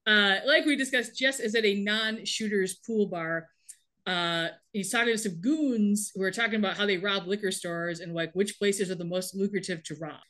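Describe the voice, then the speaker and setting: A woman's voice: medium pitch, a bit bright. A woman co-hosting a podcast, recapping a TV episode in casual chat with a wry, laughing manner, quoting the characters' lines. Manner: wry, laughing, reads show lines in quick put-on voices. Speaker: podcast co-host.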